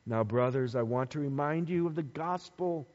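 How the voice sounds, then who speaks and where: A man preaching a sermon, dramatic and emphatic, dropping to hushed tones at times. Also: on the high side, normal speed. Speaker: pastor. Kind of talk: Easter sermon. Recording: dull sound with long hall reverb.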